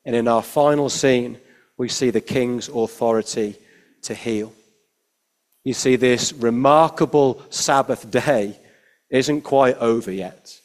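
A man preaching a sermon, measured and emphatic, his phrases falling quiet at the ends. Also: medium pitch.

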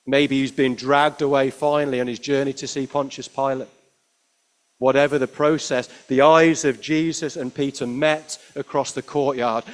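A man preaching a sermon, telling the story expressively with frequent rhetorical tag questions, rising to emphatic peaks and dropping to hushed lines. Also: mid-range voice.

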